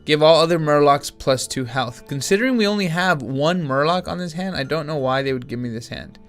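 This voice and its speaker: A man's voice: a little high, brisk, a bit bright, soft background music. A man casually commenting on his card game as he plays, thinking aloud with frequent restarts and filler words, sounding a little tired. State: yawning, tired. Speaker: gaming channel host.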